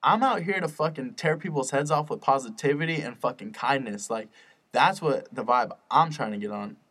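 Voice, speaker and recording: A man's voice: mid-range voice, moderate pace, fairly bright tone. A young man hosting his own podcast, rambling and swearing often, earnest and fired up about spreading positivity. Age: young adult. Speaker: podcast host. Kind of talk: casual solo podcast rant.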